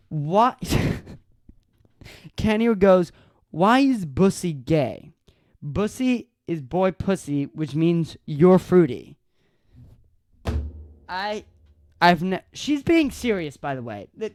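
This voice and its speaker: A man hosting a solo podcast, casually telling a story with frequent laughter and halting restarts. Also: high voice, big pitch swings, a little mellow, no echo, studio quality. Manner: amused, often breaks into laughter while retelling. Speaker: podcast host.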